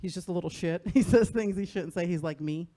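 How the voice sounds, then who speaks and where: This middle-aged comic from New Jersey talks a little fast in a mellow tone, working a live club audience with crude, brassy material. She keeps cracking herself up and mimics her son with a squeaky, high-pitched voice.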